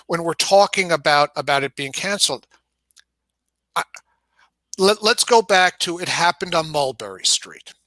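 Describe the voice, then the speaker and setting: A man with a New York accent talks in a casual conversation, his voice pitched a little high and bright. The sound is close and dry. He circles back over his words, restarting sentences as he works out each point. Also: lively intonation, moderate pace, pauses often, no room sound. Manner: thoughtful, many restarts and repeated words. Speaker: game publisher guest. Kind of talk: casual discussion.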